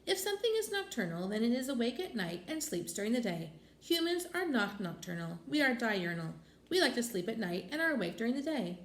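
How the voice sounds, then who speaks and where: An eager little know-it-all schoolboy from a storybook, as a woman puts him on, high-pitched and keen. His voice rises and falls brightly, and the room is echoey. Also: very animated, a little fast, few pauses. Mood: explaining. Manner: eager, explaining.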